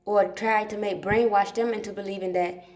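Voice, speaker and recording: Speaking at a moderate pace in a medium-pitched, steady, darkish voice, the woman's livestream echoes around a dark room at home. She rambles on casually, swearing a lot and saying things twice to drive them home.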